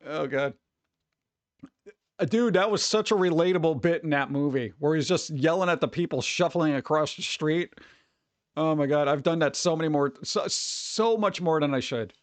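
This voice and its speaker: A man's voice: fairly high pitch, normal speed, pauses often, no echo. A man chatting casually with his stream viewers, rambling and laid-back, calling everyone "dude.". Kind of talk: casual livestream chat.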